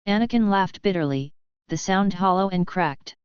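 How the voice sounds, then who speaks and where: Very smooth woman reading a story. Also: on the low side, measured pace, no echo, highs cut off. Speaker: story reader. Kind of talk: fan fiction narration.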